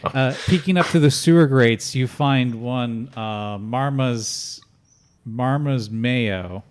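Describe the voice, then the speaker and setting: A man narrating an improvised tabletop game as game master, halting and restarting often. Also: mid-range voice, clear, resonant tone. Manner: halting, full of fillers and restarts.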